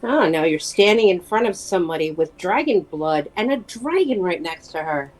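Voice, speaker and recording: A woman's voice: on the low side, animated, normal speed, faint music behind, low-quality recording. A woman playing a defiant adventurer. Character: young woman adventurer with a baby dragon, defiant.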